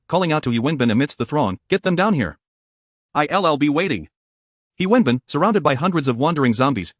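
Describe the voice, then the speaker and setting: A man narrating an audiobook in a brisk, even storytelling manner. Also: mid-range voice, no room sound, studio quality.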